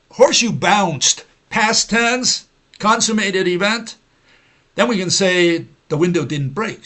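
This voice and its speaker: A man with a somewhat high voice hosts a livestream and lectures in a long, rambling monologue. He argues and repeats himself, filling gaps with "uh" and "you know," and he mocks the people he disagrees with by mimicking them. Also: fairly bright tone. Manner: argumentative, repetitive, with frequent "you know" and "uh" fillers; mocking, mimics opponents in quoted voices. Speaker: host of a science-skeptic livestream.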